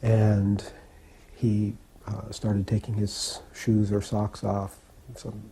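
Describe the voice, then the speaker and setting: A man telling a personal anecdote in an unhurried, reflective way, with occasional fillers. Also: lowish voice, monotone, warm tone, slight background noise. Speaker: devotee recalling memories.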